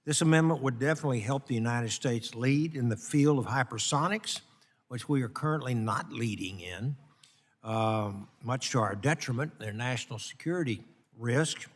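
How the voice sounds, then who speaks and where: A man from Texas speaks in support at a committee markup. He is halting and fills pauses often. His voice carries the long reverb of a large hearing room. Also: mid-range voice. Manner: halting, many fillers. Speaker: committee member. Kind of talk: committee floor remarks.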